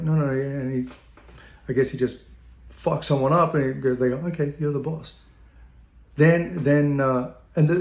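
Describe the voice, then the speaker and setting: A man in the middle of his pitch range tells a long personal anecdote in an easy, wandering way, swearing now and then and chuckling at his own story. His voice rings off the walls of an echoey room. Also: a little mellow. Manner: rambling, loose and profane, laughing at his own tale.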